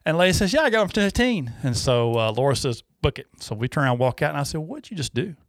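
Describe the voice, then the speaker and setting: A man with a drawl spins a folksy story in casual show chat, his voice bouncing between excited highs and low asides. The sound is close and dry, with no room around it. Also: fast, dry recording. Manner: folksy, animated storyteller with Southern phrasing. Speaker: radio show regular.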